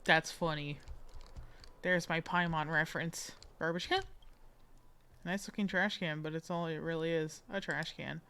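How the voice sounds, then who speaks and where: A woman playing through a game on video, reading its text aloud and cracking jokes along the way. Her voice sits a little low and she keeps it playful. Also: fairly even intonation, unhurried, pauses often, pushed and bright, clean tone. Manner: playful, jokey, laughs at the game. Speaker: gaming video host.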